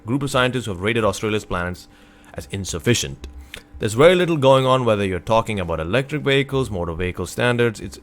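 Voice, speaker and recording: A North American man streams from his computer, using a desk mic as he reads a news article aloud. He reacts casually and with exasperation, now and then bursting into loud remarks, in a lowish voice.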